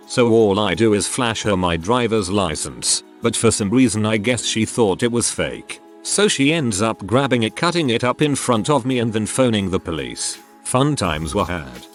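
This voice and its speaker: Lively low-voiced male story narrator. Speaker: narrator reading reddit posts. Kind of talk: scripted narration. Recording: faint background music.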